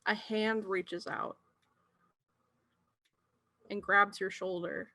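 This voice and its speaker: A woman's voice: medium pitch, steady tone, extremely slow, sharp tone. A woman narrating a tabletop role-playing game as game master, with hesitant phrasing and frequent fillers.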